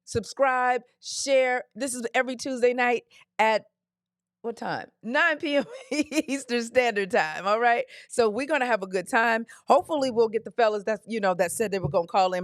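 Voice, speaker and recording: A woman's voice: on the high side, normal speed, no echo, studio quality. A woman hosting a live call-in advice podcast, talking in a sassy, direct coaching way and calling listeners honey and darling. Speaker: podcast host.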